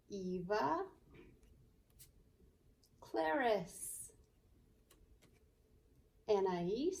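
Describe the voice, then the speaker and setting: A woman teacher talks slowly and patiently to little kids during a virtual class morning meeting. Her voice carries a gravelly fry, and her manner stays gentle and cheerful. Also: medium pitch, distant mic. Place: indoors.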